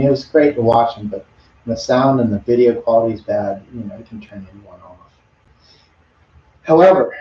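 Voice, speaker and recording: A man's voice: mid-range voice, a little hiss or hum. Chatty man painting live, echoey room. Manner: rambling, chatty, talks to viewers between brushstrokes. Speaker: artist streaming a live painting demo. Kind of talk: casual live-stream chat while painting. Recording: dull lo-fi audio in an echoey room.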